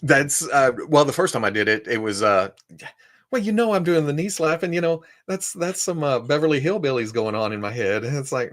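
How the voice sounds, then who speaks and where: A man's voice: mid-range voice, a little fast, a bit bright. A man with a Southern US accent chatting casually as a podcast guest, rambling through stories and laughing often. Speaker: toy content creator and podcast guest. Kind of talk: casual chat.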